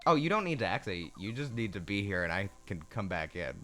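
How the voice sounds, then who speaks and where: A man's voice: fairly low pitch, big pitch swings, sharp tone, soft background music. A man chatting casually and teasing his co-host while they stream a video game together. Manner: joking, teasing, quick asides. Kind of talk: casual gaming chat.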